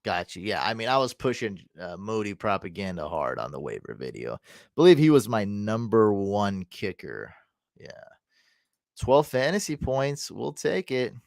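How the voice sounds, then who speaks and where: A man's voice: on the low side, gravelly, no room sound, clean studio sound. Hyped fantasy football streamer man. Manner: excitable, hyped, bursts into loud cheering; answers chat comments quickly. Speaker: fantasy football livestream host. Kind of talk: casual live-stream commentary.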